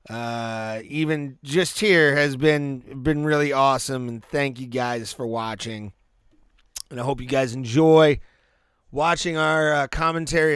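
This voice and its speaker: A man's voice: medium pitch, a bit bright, clean tone, no room sound, clean studio sound. A man hosting a live stream, giving laid-back play-by-play and reactions to fights, with fillers and restarts. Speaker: podcast host.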